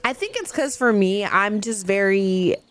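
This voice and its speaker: A woman's voice: mid-range voice, expressive, measured pace, faint music behind. A woman streamer chatting casually while she plays a video game, giggly and chatty as she reads and answers her chat.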